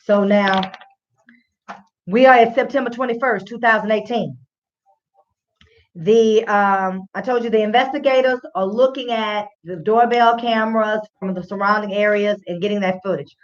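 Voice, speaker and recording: A woman's voice: medium pitch, normal speed. A woman hosting a radio show in casual spoken commentary, talking straight to her listeners as "y'all". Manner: conversational, addresses listeners directly as y'all. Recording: slightly dull lo-fi sound.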